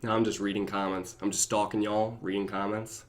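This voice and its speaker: A young man chatting casually on his own live stream, reading viewer comments and often breaking into laughter and goofy high voices. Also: level tone, brisk. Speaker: YouTube reactor.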